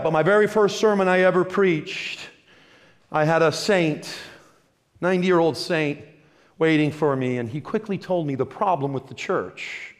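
Male pastor with a high voice, delivers a lively sermon with humor and repetition. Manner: lively, humorous preaching with repeated phrases.

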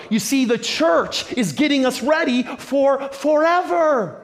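A pastor preaching a lively, humorous sermon that builds on repeated phrases. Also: male voice, very high-pitched, takes it slowly, few pauses.

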